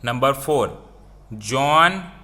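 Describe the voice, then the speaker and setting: Slow, bright-voiced male teacher explaining grammar. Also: medium pitch, animated. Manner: slow, repetitive explaining with non-native phrasing. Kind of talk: classroom grammar lesson.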